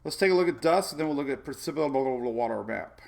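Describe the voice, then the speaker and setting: Gravelly-voiced chatty weather host, man. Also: mid-range voice, darkish tone. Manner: rambling, chatty, laughs often, many fillers. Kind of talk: casual live weather talk.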